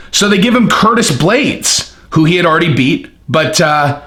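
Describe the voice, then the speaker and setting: A man giving a casual, jokey opinion monologue on fighting, animated and quick to break into impressions. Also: a little high, echoey room. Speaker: MMA commentator.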